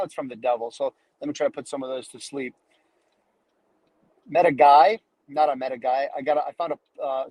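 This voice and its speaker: Man, slightly high husky voice, casual coaching talk, dry close sound. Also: dry recording, low-quality recording. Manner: casual, energetic, acts out quoted people. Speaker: business coach. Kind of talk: live online coaching talk.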